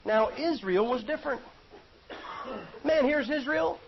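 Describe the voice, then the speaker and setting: A man delivers a sermon in a folksy, joking, conversational style. His voice sits very high for a man. The recording is dull and lo-fi. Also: a little slow, vocal fry, a little hiss or hum. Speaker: preacher.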